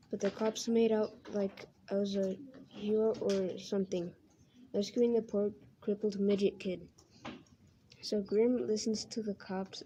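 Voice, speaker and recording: A teacher, a woman, reading a novel aloud to her class in a plain, even way, now and then stumbling and correcting herself. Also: medium pitch, slight background noise. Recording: muffled lo-fi recording.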